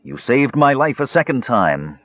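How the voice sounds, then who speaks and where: A man voicing a humble half-elf man who speaks gently and softly, as in an audiobook. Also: medium pitch, very animated, unhurried, no echo, muffled recording, pitched above the performer's own voice. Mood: gentle. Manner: gentle, soft-spoken. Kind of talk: audiobook narration.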